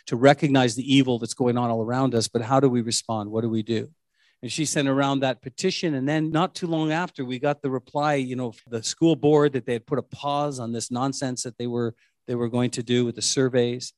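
A man's voice: on the high side, no room sound, studio quality. A man preaching a sermon as pastor, repeating key phrases for emphasis and building to passionate preaching. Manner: builds from quiet reflection to rising passionate preaching.

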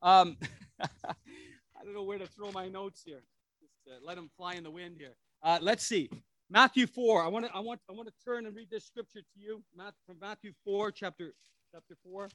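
A middle-aged man preaches as a pastor in a loose, conversational way, often restarting and adding asides. His voice sits high and sounds bright and forward. The recording is dry and close. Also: fairly even intonation, normal speed, no room sound. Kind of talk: sermon.

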